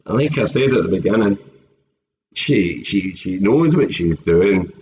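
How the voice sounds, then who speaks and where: A man's voice: low-pitched, expressive, measured pace, a little mellow. A Scottish man chatting casually and joking on a live stream, often laughing, with a dull lo-fi sound. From Scotland. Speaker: streamer opening trading card packs.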